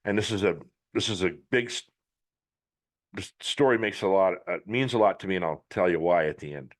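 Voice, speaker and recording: A man's voice: low-pitched, a little fast. A middle-aged man hosting a podcast, giving a blunt, emphatic motivational monologue with some swearing. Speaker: podcast host.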